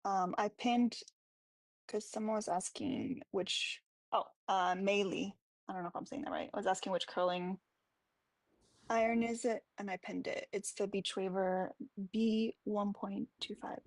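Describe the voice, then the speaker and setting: A woman's voice: mid-range voice, fairly even intonation, a little slow, no echo. A woman chatting casually on a livestream, talking about hair tools and commissions. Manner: casual, chatty, product talk.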